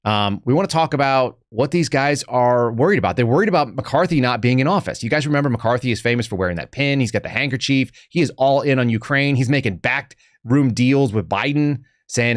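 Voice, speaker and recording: A man's voice: medium pitch, lively intonation, a little fast, few pauses, no room sound, clean studio sound. A man hosting a live podcast, giving casual political commentary in a sarcastic, rambling way with joking asides. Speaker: podcast host.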